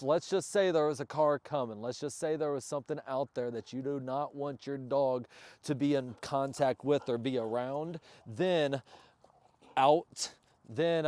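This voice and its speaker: A man who handles and trains his service dog, chatting upbeat to viewers of a casual training vlog outdoors and praising the dog loudly. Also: mid-range voice, no room sound. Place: outdoors, yard or field. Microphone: camera on a stand nearby.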